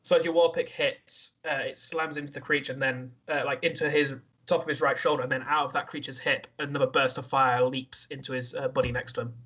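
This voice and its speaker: A man narrating a tabletop game as game master, describing the action in a halting way. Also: medium pitch, steady tone, a bit bright, rough recording.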